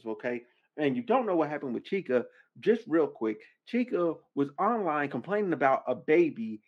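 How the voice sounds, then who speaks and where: A man hosting a podcast, giving a casual, exasperated commentary rant, repeating his points with emphasis. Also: medium pitch. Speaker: podcast host. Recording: slightly muffled, lo-fi audio.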